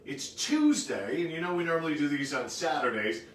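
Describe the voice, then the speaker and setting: Lively man hosting in an echoey room. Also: a little high, moderate pace, far from the mic, slight background noise. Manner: lively and jokey. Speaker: cooking show co-host. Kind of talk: casual chat.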